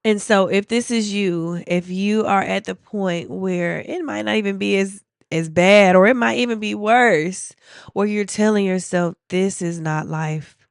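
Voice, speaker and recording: A woman in her forties who hosts a faith podcast, telling her own story in an earnest, emotional way with halting restarts. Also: medium pitch, steady tone, vocal fry, clean tone, no room sound, studio quality. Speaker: podcast host. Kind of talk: personal testimony.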